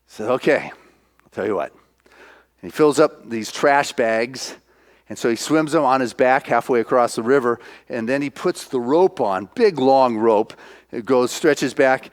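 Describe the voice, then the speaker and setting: Storytelling minister with a raised voice. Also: male voice, on the high side. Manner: casual storytelling, many fillers. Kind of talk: sermon retelling a film.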